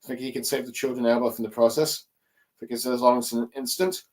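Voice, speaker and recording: A man talks through a comic chapter at a middling pitch, often stopping to gather his thoughts mid-sentence. He sounds like someone streaming from a desk mic. His tone stays casual and unpolished. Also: fairly even intonation, a little mellow. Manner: hesitant, many fillers and pauses. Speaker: manga chapter reviewer. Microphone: desk mic at a streaming setup.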